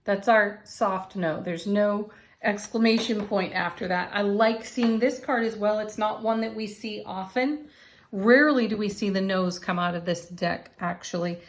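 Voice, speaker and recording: A woman with a medium-pitched voice gives a casual spiritual reading with tarot and oracle cards, speaking at a measured pace. She's encouraging and laughs often as she talks.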